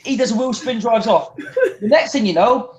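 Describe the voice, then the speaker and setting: High-voiced man telling animated stories. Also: normal speed, reverberant. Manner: animated, acts out voices in anecdotes, frequent restarts. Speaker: guest wrestler. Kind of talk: casual storytelling interview.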